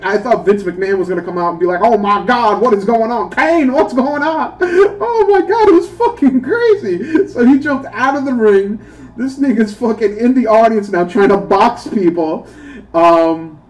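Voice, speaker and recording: A man talks casually while playing a mobile game, ranting with lots of swearing and breaking into laughter. His voice sits a bit high for a man. He is some distance from the microphone. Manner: profane, animated rant with bursts of laughter. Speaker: gaming YouTuber.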